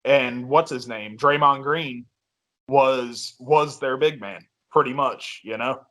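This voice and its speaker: Slow-talking laid-back sports guy. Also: medium pitch, a bit bright. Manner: laid-back, agreeable, says yep a lot. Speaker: podcast co-host. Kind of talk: casual sports chat.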